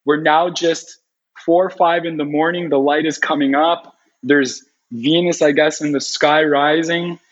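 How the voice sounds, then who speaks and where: A man telling a long personal story in an animated, rambling way, full of "like" fillers. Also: fairly high pitch, unhurried. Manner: rambling, heavy use of "like" fillers. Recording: dull lo-fi recording.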